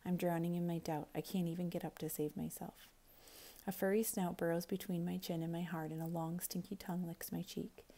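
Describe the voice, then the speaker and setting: A woman teacher reading a novel aloud, expressive, quiet and intense. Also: fairly low pitch, brisk.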